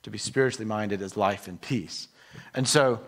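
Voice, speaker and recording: A middle-aged man preaching a sermon in an earnest, emotional way, moving between soft and emphatic delivery. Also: lowish voice, lively intonation, normal speed. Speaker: pastor.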